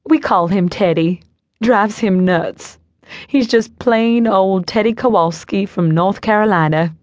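A woman's voice: mid-range voice, measured pace, a little mellow, dry recording, close to an everyday voice. Woman doing a folksy, affectionate aunt. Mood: teasing. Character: friendly older aunt.

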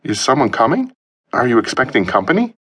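A man's voice: mid-range voice, huge pitch swings, a little fast, fairly bright tone, breathy edge, pitched above the performer's own voice, full character voice. A male narrator voicing a nervous, hapless young man who stammers and sounds flustered.

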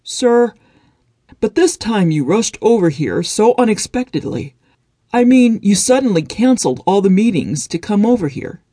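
A polite male assistant questions his boss deferentially, as a woman reads him in an audiobook. The voice sits a little higher than the narration. The sound is close and dry. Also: very animated, normal speed, warm tone, dry recording. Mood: puzzled.

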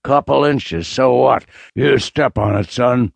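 A man doing a raspy old bully of a father. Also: slow pace, dry recording. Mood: mocking. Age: 60s. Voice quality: raspy bass roar. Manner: mocking, contemptuous. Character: loud raspy bully father, sixty-eight.

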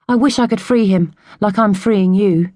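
An earnest, gentle orphan boy from a storybook, voiced by a woman narrator, confiding and a touch higher than her own reading voice. The sound is dry and close, with no echo. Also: moderate pace, lightly acted.

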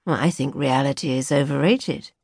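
Narrator lady playing a posh young guy, lower and lazy, offhand drawl, dry close sound. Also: normal speed, creaky, darkish tone, slightly rough, no room sound, exaggerated voice. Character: posh young man graduate, lazy and flippant. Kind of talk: audiobook character voice. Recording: dry studio recording.

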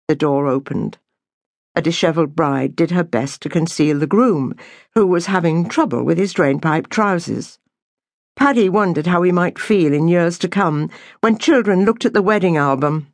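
A woman reading an audiobook novel aloud in a measured, unhurried storytelling manner. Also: on the low side, no room sound, studio quality. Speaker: audiobook narrator. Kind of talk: scripted narration.

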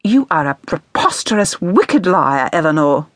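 A woman's voice: lowish voice, very animated, unhurried, dry recording. A woman voicing a stocky, bossy, argumentative older mother. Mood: accusing. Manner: scolding, dismissive.

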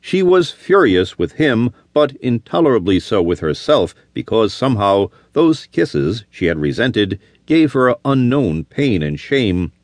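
A man's voice: fairly low pitch, very animated, measured pace, hardly any pauses, dry recording. A man reading a western novel aloud as an audiobook narrator, telling the story expressively. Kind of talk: scripted narration.

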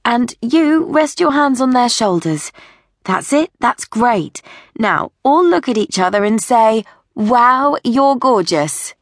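A woman narrator voicing a cheerful young woman photographer who gives brisk, encouraging directions to a family. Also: fairly high pitch, lively intonation, dry recording, studio quality, voice pushed up, heavily acted. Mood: upbeat, coaxing.

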